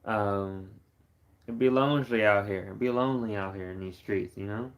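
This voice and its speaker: A man's voice: fairly low pitch, moderate pace. A tired young man from Texas chatting casually on a late-night live stream, rambling and repeating himself.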